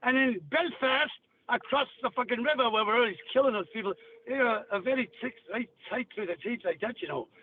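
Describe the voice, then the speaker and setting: A man's voice: high-pitched, sing-song, brisk, recorded from a distance, a little hiss or hum, pitched below the performer's own voice. A man putting on a blustering Irish drinker who swears and threatens over the next round. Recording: tinny phone line.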